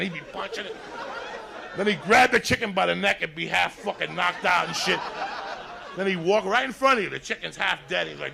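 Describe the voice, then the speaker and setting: A gravelly male comic from Cuba tears through a stand-up set, his voice bright and raspy with fry. He tells rowdy, profane stories to a crowd that laughs along. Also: high-pitched, lively intonation, fairly quick. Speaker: stand-up comedian. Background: audience laughter.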